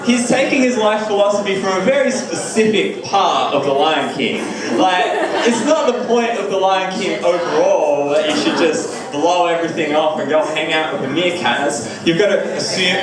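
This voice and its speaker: A man delivers a mock-lecturing stand-up bit in a high voice. He sounds far from the mic in a very echoey club, with a loud crowd around him. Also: moderate pace. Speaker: stand-up comedian. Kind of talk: stand-up routine.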